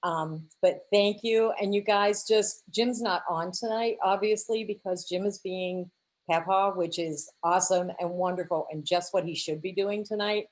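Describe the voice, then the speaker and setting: A woman's voice: mid-range voice, moderate pace. A woman giving a heartfelt casual tribute, sincere and a little hesitant.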